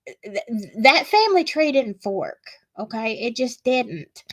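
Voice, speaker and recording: A woman's voice: fairly high pitch, big pitch swings, a little slow, fairly bright tone. A woman with a Southern US accent, hosting a casual livestream and chatting with viewers in a gossipy way. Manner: chatty, gossipy, reads chat aloud. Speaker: livestream host.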